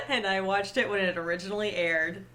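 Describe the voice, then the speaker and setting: A woman's voice: medium pitch, normal speed, pushed and bright. A woman co-hosting a casual podcast, chatty and laughing often. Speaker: podcast co-host.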